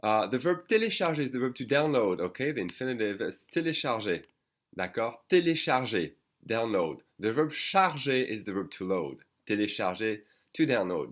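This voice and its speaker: A man's voice: fairly low pitch, very animated, normal speed. A middle-aged man with a French accent, a native French speaker, teaching an online language lesson, modelling phrases and checking in with "d'accord?".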